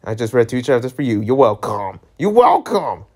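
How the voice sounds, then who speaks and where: A man's voice: mid-range voice, steady tone, fairly quick, a little mellow. A man casually reading a webtoon aloud, stumbling over lines and laughing at his own slips. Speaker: webtoon reader.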